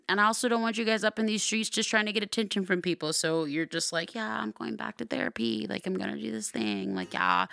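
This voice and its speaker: A young woman hosting her podcast in casual solo talk, chatty and playful, now and then loud and excited. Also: sits low, no echo. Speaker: podcast host.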